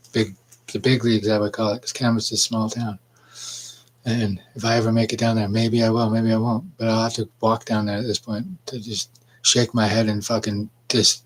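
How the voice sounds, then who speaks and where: A man's voice: on the low side, slight background noise, poor audio. A man from Canada delivering a rambling, confrontational monologue, swearing and calling out absent people by name. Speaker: vlogger. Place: outdoors.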